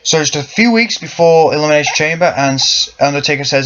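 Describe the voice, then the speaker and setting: A fast-talking young man with a fairly high, somewhat bright voice gives wandering, casual commentary on wrestling. As a fan vlogger, he corrects himself often, and the sound quality is lo-fi and muffled.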